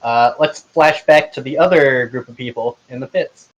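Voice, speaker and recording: A man's voice: mid-range voice, normal speed, lo-fi sound. A man running a tabletop game online, narrating loosely with lots of filler words. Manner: loose, rambling, with many fillers. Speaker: game master.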